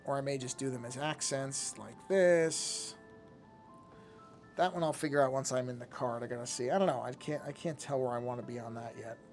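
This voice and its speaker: A man's voice: mid-range voice, a little fast, soft background music. A man streaming his drawing session, thinking aloud in a casual, hesitant way, often trailing off and restarting his sentences. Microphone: desk microphone.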